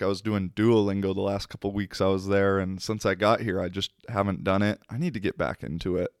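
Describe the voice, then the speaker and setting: Smooth low-voiced man telling a rambling story. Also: no echo, clean studio sound. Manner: rambling, laughs often, swears casually. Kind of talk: casual storytelling monologue.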